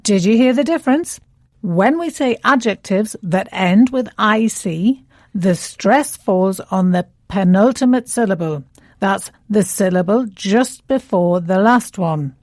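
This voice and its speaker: A woman presenting an English lesson in a scripted dialogue, speaking clearly and deliberately and stretching words out to show their stress. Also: medium pitch, lively intonation, darkish tone, no echo, clean studio sound.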